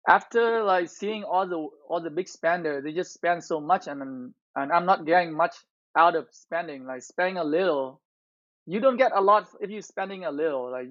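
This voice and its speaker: High-voiced man ranting on a lo-fi stream. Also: fairly bright tone, no echo. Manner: aggrieved, ranting complaint with repeated restarts. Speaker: gaming live streamer. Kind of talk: casual live-stream chat. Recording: dull lo-fi audio.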